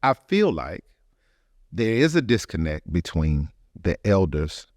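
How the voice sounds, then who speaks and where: Man, middle-aged, low voice, lively intonation, easygoing storyteller, dry close podcast sound. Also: measured pace, no echo. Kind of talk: casual chat. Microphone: podcast studio mic, facing own camera.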